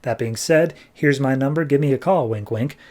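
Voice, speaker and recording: A man playing a calm, aloof female outlaw with storm powers, in a cool, matter-of-fact manner. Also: mid-range voice, normal speed, lightly acted.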